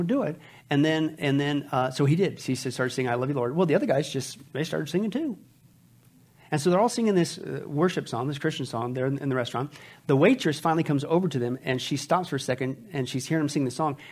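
A middle-aged male pastor preaching a sermon, telling stories with quoted dialogue and loud emphatic rises. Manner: animated, loud emphatic delivery with sharp rises in pitch; storytelling with quoted dialogue, dropping to soft asides.

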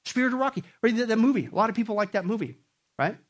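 A man preaching a sermon, animated, swinging between loud bursts and quiet stretches. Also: high voice, very fast. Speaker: pastor.

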